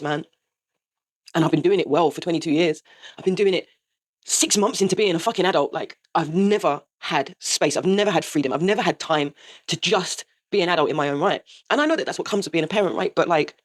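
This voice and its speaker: A woman in her forties, host of her own show, telling a raw, sweary confession and laughing through the pain. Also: fairly low pitch. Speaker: podcast host. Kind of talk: candid confessional monologue.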